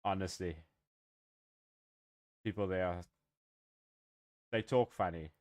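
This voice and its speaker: A man's voice: sits low, takes it slowly, darkish tone, no room sound, clean studio sound. A man from Africa, live-streaming a game and chatting in a rambling, joking way with his viewers. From South Africa. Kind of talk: casual live-stream chat.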